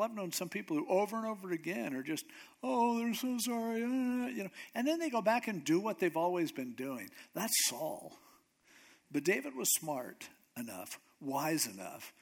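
Male pastor, slightly high voice, conversational sermon delivery. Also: fairly bright tone, slightly rough. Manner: conversational preaching, acting out quoted voices.

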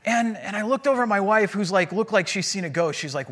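Pastor, male, high-pitched voice, animated and conversational storytelling sermon. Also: fast.

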